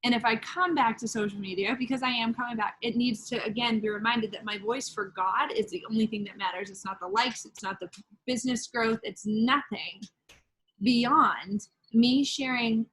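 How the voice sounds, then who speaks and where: A woman hosting a casual faith chat, animated and storytelling, with quoted asides and frequent laughs. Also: a little high, moderate pace, breathy edge, low-quality recording. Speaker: podcast host.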